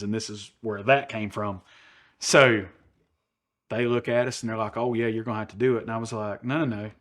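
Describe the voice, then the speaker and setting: A man with a Southern US accent, a podcast guest brashly telling a story and acting out quoted lines. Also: mid-range voice. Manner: brash, animated storyteller who acts out quotes. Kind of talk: casual storytelling.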